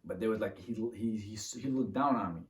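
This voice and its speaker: A man telling a personal story to the camera in a casual, animated way, acting out the moves as he talks. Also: on the low side, fairly quick. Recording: roomy, from a distance to the mic.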